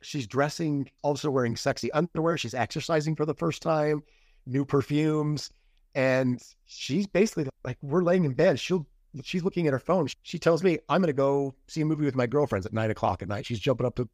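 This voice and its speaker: A man's voice: a little high, brisk, a little mellow, no room sound, studio quality. Candid middle-aged man telling his story. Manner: candid, acts out quoted dialogue. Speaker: podcast guest. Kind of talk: casual interview storytelling.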